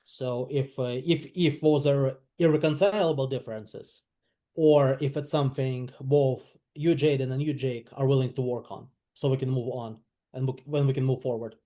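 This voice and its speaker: Man, sales trainee, mellow tone, hesitant, video call. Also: mid-range voice, steady tone, normal speed. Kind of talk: sales role-play practice.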